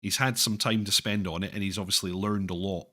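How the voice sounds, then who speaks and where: Man, stream host, casual, self-deprecating, hesitant, lowish voice. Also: steady tone, a little fast, bright, forceful tone. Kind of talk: casual livestream chat.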